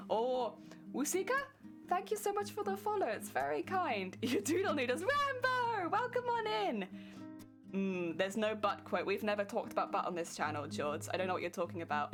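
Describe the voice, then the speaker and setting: A young woman with a British accent chats through a late crafting stream, laughing often and sounding a little sleepy. Her voice sits at a medium pitch. Plucked guitar music plays clearly underneath. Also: lively intonation, brisk. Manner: giggly, chatty, thanks viewers by name. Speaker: cosplay streamer. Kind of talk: casual live-stream chat while crafting. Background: guitar music playing.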